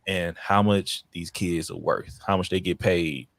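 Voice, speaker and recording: A man casually telling stories as a podcast guest about his child welfare work, in an animated, slangy way. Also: measured pace, vocal fry, no echo. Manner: animated, slangy, breaks into high excited quoted voices. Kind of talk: casual storytelling chat.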